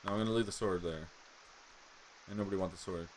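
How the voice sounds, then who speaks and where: A man's voice: deep voice, steady tone, fast talker, a little hiss or hum. A man giving casual, joking commentary as he plays a game, thinking aloud as he goes. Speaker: gameplay video host.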